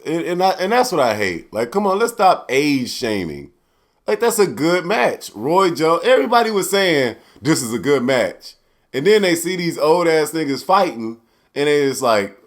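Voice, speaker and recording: A young man hosting a casual solo podcast, loose and profane, swinging from loud outbursts to low mutters. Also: very animated, normal speed. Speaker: podcast host.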